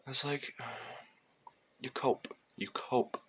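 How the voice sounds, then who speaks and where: A man's voice: mid-range voice, extremely slow, a bit bright, husky. A man telling a digressive, profane story in a rambling monologue. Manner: digressive, profane, slips into sung lines and mocking voices.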